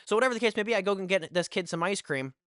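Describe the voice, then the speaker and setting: A young man hosting a podcast, telling a storytime monologue in an animated, profane way with lots of fillers. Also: high voice, rapid-fire, no echo, studio quality. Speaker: podcast host.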